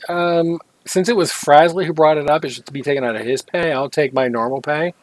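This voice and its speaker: A man's voice: on the high side, steady tone, a little fast, no echo, poor audio. Casual rambling male podcast host. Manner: rambling, self-correcting, jokey asides. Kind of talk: casual gaming podcast chat.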